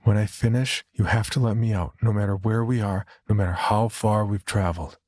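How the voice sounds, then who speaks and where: A man's voice: on the low side, steady tone, brisk, a little mellow, natural voice. A man voicing a haunted, grieving mother who hitchhikes, speaking in urgent, clipped commands in a horror podcast narration. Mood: firm.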